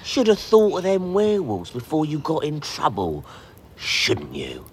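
A man's voice: a little high, wildly swooping pitch, measured pace, noisy background. A man reading a book aloud and voicing a spiteful old male school caretaker who sneers and gloats. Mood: gloating.

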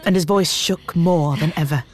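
An audiobook narrator reading fantasy in a measured, dramatic storytelling manner. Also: medium pitch. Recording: music bed under narration. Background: background music.

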